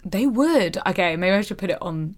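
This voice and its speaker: A woman's voice: mid-range voice, animated, moderate pace. A woman co-hosting a podcast in casual chat, bubbly and frank, swearing freely. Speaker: podcast co-host.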